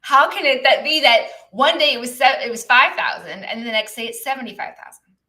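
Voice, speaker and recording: A woman's voice: on the high side, brisk, sharp tone, low-quality recording. A woman business coach talking casually to viewers on a live stream, chatty and reflective, with lots of fillers and asides. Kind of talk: live-stream teaching talk. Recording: live online broadcast.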